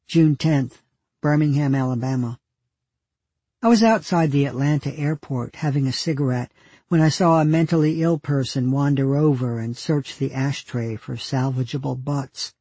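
Husky man reading dry diary entries. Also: mid-range voice, moderate pace, dry recording. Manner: dry, deadpan humor. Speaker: narrator.

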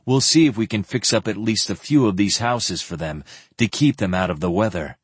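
A man's voice: fairly low pitch, normal speed, husky, no room sound. A man voicing a stern, grim male knight leader with firm, clipped speech.

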